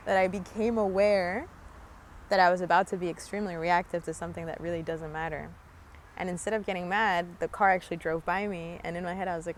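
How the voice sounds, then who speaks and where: A woman's voice: fairly low pitch, steady tone, fairly quick, a little hiss or hum. A young woman musing earnestly outdoors in a park, talking casually about spiritual growth with many fillers. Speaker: spiritual vlogger. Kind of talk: casual reflective monologue.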